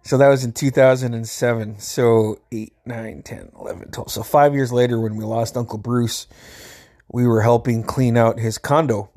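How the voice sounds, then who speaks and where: A man's voice: mid-range voice, fairly even intonation, normal speed, a little mellow. A middle-aged man casually telling a family story, laid-back, swearing freely and laughing as he goes.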